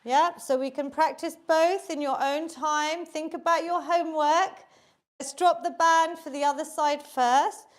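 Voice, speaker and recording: A woman with a high, bright-pitched voice coaches a live online workout class. She talks at an unhurried, measured pace, and her cues stay upbeat and encouraging. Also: fairly even intonation. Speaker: fitness instructor.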